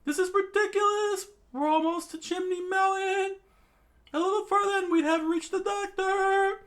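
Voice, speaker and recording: A frantic young male cook for a comic read-aloud, shrieking in a shrill, very high falsetto. He yells loud and strained, with a thin, altered tone. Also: steady tone, normal speed. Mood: shrieking panic.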